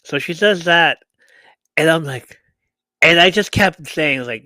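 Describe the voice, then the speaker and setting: A man hosting a podcast who recaps a wrestling match like a lively story. He acts out what others said and swears casually, at an easy, unhurried pace. The sound is dry and close. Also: fairly high pitch, no echo. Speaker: podcast host.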